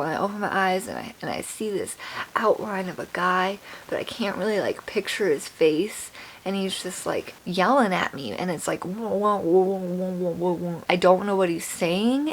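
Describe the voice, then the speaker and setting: Chatty woman with a gravelly fry. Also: on the low side. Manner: chatty, animated, addresses viewers as "you guys". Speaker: vlogger telling a story. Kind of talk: casual storytime chat.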